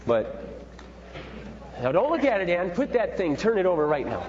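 Lively middle-aged man teaching in an echoey hall. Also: high-pitched, normal speed, crowd noise. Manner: rambling, folksy and animated. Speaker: seminar leader. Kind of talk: parenting seminar talk. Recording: dull echoey hall with faint hum.

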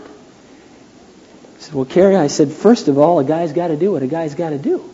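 A man's voice: normal speed, long pauses. A man preaching a sermon, telling stories from his life and acting out the voices of the people he quotes. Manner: storytelling, acts out quotes in a high excited voice. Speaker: pastor. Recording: dull 1980s church tape in a reverberant hall.

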